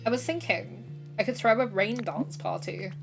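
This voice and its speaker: A woman reading the lines of a sleepy male Slowpoke aloud from a game, in a plain reading voice over game music. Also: fairly high pitch, gravelly. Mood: earnest.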